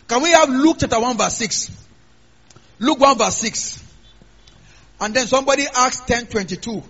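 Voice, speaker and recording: A man's voice: extremely high pitch, fairly bright tone, slightly rough. A man preaching a sermon, emphatic and calling out to the congregation to answer him. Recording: dull, lo-fi recording.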